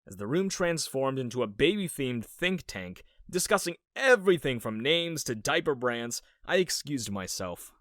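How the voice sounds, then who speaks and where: A man's voice: mid-range voice, very animated, moderate pace, hardly any pauses, fairly bright tone, dry recording, clean studio sound. Wry young man narrating dramatically. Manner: wry and dramatic, with sarcastic asides. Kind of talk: scripted first-person storytelling.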